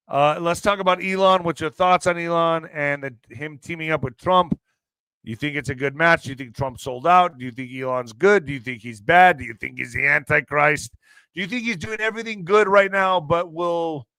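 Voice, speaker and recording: A man hosting a casual news commentary show, joking, swearing and laughing often, with loud bursts of emphasis. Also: on the high side, moderate pace, smooth, no echo. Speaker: show host.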